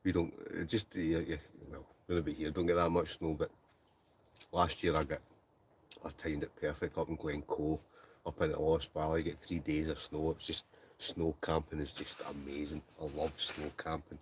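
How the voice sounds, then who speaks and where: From inside a tent, a Scottish livestream host keeps up an easy, chatty stream, reading comments aloud and laughing a lot. His voice is low and deep at a moderate pace, with slight background noise.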